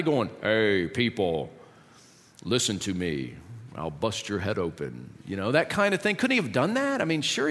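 A male pastor delivers a sermon in a slightly higher voice, conversational and full of rhetorical questions. His voice rings out with the long reverb of a church hall. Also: a bit bright.

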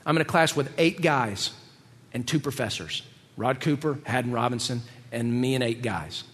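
Animated male preacher in an echoey hall. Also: medium pitch, moderate pace. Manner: animated, casual, slangy asides. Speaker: pastor. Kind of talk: sermon.

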